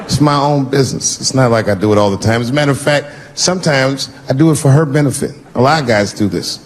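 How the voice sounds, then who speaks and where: A male stand-up comedian telling a story on stage, animated and punchy, swearing freely and jumping into voices, recorded live with audience noise. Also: medium pitch, quick pace.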